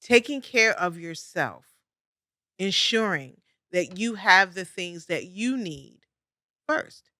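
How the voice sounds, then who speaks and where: A woman's voice: on the low side, expressive, slow pace, long pauses, bright, forceful tone, dry recording, studio quality. A middle-aged woman hosting a podcast, giving conversational advice with emphatic repetition and frequent light laughs. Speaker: podcast host. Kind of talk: conversational coaching monologue.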